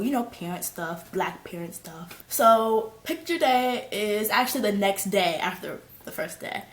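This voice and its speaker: A young woman vlogger telling a story in a casual, slangy, animated way, shrieking when she quotes people. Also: mid-range voice, unhurried, reverberant. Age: young adult. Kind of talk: storytime vlog.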